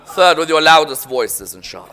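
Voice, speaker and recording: A man's voice: on the high side, big pitch swings, moderate pace, bright, forceful tone, soft background music. A man preaching a sermon as a dramatic story, often prompting the audience to respond.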